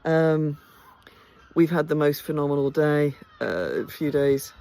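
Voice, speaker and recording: Chatty low-voiced woman vlogging. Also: lively intonation, takes it slowly, warm tone, slight background noise. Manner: chatty, enthusiastic, many ums and restarts. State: tired. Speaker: theatre company director. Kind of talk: casual behind-the-scenes vlog. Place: outdoors by a house.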